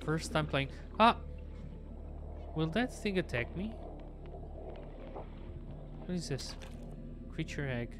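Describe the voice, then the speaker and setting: A sleepy streamer casually chats with viewers during a game, often talking to themself, in a mid-range voice with lively intonation. They speak slowly and pause often, with game music playing in the background.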